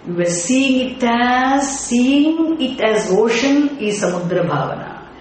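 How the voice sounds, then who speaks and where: Scripture teacher, slow lecture, rhetorical questions to the class, sing-song chanting of terms, strong echo, faint ambient hum. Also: medium pitch, lively intonation. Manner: deliberate, often asks the class rhetorical check questions. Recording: very echoey room with faint ambience.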